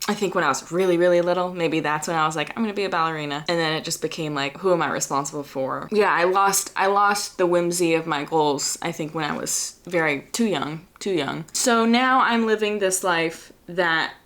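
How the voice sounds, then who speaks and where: Young woman, home vlogger, lower pitch, earnest and chatty. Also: fairly quick, hardly any pauses, a bit bright. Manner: chatty, earnest, laughs often. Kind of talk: casual reflective vlog talk. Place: home by an open window.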